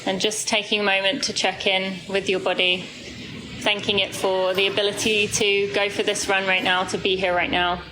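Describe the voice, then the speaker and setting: A woman host leading a group through a slow, calm body scan before a run, with soft fillers. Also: mid-range voice, over music, poor audio. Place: indoor space with a group, then outdoors on a street.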